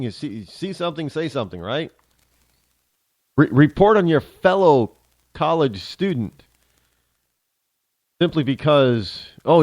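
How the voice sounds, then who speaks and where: A man's voice: on the high side, a little mellow, no echo. A man from the United States hosting a talk show, ranting sarcastically in an opinionated monologue.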